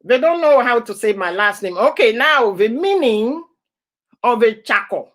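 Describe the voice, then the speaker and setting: A woman's voice: a little high, animated, a little slow. A woman from Ivory Coast hosting a casual live stream, often laughing and greeting viewers by name. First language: an Ivorian language.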